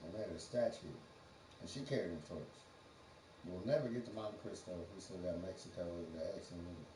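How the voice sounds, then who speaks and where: A man's voice: low voice, brisk, dark tone. A man on a livestream, rambling through a profane, free-associating monologue and laughing often. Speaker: livestream host. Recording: roomy, distant from the mic, faint background noise.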